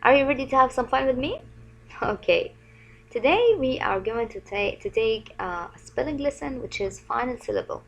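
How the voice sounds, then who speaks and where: A woman teaching a spelling lesson, sounding out syllables slowly and often asking the learners questions. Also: on the high side, big pitch swings, lo-fi sound. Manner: repeats sounds slowly and clearly; friendly, asks questions of the learners. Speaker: English teacher.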